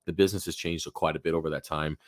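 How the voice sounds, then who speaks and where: Hosting a live Q&A from his home office, a deep-voiced man talks casually and rambles, often using fillers and starting over. His hoarse voice is fading but steady in tone, he speaks at a quick pace, and the close, dry recording has no echo.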